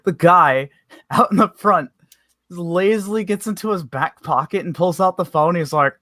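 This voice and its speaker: A man's voice: high voice, unhurried, bright, forceful tone, no room sound. A young man co-hosting a podcast, telling stories in casual chat, laid-back, swearing freely and laughing as he goes. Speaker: podcast co-host.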